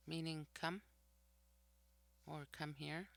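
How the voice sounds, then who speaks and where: Language teacher going through vocab really slow, says every word twice, pretty flat voice, dry sound. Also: medium pitch, gravelly, dry recording. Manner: slow and deliberate, repeats each word twice; explains each word's meaning after saying it. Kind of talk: recorded vocabulary lesson.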